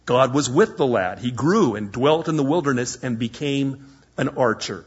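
A man preaching a sermon, telling Bible stories in an animated way and acting out the voices, his voice hoarse. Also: mid-range voice, normal speed. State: hoarse, coughing. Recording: dull lo-fi recording.

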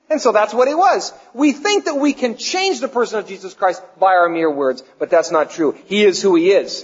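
A man preaching a sermon to his congregation, swinging between loud declarations and hushed, slow questions. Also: high-pitched, husky, long reverb tail, lo-fi sound. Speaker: pastor.

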